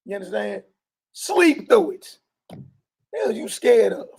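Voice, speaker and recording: Man preacher, very high voice, gravelly and husky, loud emphatic bursts, informal sermon. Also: very animated, slow. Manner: loud emphatic bursts, colloquial, laughs often. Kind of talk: informal sermon to a live group.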